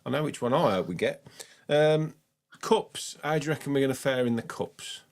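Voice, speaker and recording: Hosting a fan phone-in, this Black Country man keeps the chat casual, greeting callers with enthusiasm and plenty of "mate." He speaks at a normal speed, with a medium pitch and lively intonation.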